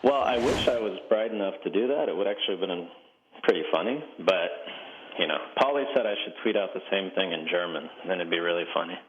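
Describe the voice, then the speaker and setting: Deep-voiced man on a dull remote line. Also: fast, slight background noise. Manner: easygoing, wry and self-deprecating. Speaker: guest, retired soccer player. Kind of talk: relaxed interview.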